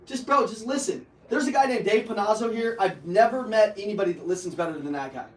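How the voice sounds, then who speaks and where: Loud joking sales trainer, echoey room. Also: male voice, high voice, quick pace. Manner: loud, joking, profane and energetic. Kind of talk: live sales training talk to an audience. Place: training room with a live audience. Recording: echoey room, heard from a distance.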